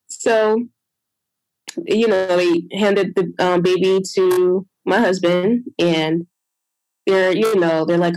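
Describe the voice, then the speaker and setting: A woman's voice: lowish voice, steady tone, slow, darkish tone, no echo, rough recording. A young adult woman telling her own birth story in a conversation, emotional and retelling what others said. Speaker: guest sharing a birth story.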